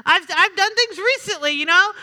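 High, bright-voiced woman preaching. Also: lively intonation, moderate pace. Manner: conversational, humorous preaching with call-and-response. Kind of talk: sermon. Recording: reverberant hall.

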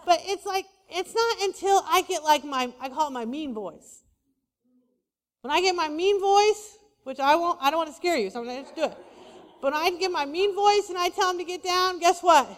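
A woman pastor preaching a sermon, lively and conversational, with playful asides to the congregation. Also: extremely high pitch, normal speed. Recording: long hall reverb.

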